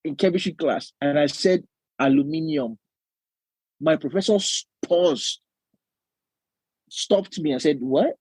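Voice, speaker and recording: A young man with a Nigerian accent, co-hosting a podcast in casual chat, animated and often acting out other voices with laughter. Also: fairly high pitch, a little slow, pauses often, slightly rough, no room sound. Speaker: podcast co-host.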